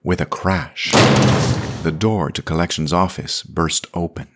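A man narrating a scripted audio story in a measured, plain manner. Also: low-pitched, fairly even intonation, a bit bright.

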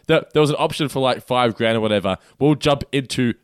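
A man's voice: medium pitch, fast talker, clear, resonant tone, no echo, clean studio sound. A man co-hosting a podcast, chatting loosely over trivia with hesitant restarts and frequent laughs. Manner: laid-back, hesitant, laughs often. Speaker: podcast co-host. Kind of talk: casual chat, trivia quiz.

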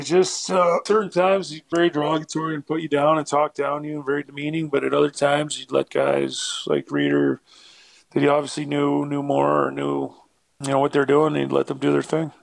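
A man's voice: a little high, gravelly, no echo. A man, a former hockey player, telling rambling stories in a casual interview, full of fillers and acted-out quotes.

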